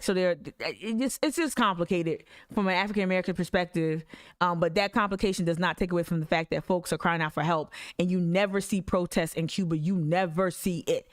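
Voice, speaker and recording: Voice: mid-range voice, clear, resonant tone, no room sound, clean studio sound. An activist commentator, reacting to news clips in emphatic casual talk, often restarting sentences. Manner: emphatic, with many restarts and asides.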